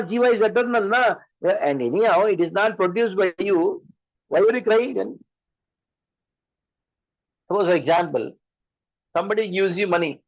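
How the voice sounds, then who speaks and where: With a high-sitting, creaky voice, a man with an Indian English accent preaches as a spiritual teacher, pressing his point through repeated rhetorical questions. The sound is lo-fi with no room sound.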